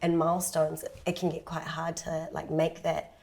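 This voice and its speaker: A young woman on a panel, chatting casually and telling lively stories about growing up abroad, acting out quoted voices. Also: low voice, moderate pace, gravelly. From Tongan South African, raised partly in Japan. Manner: animated storytelling, acting out quoted voices with laughs.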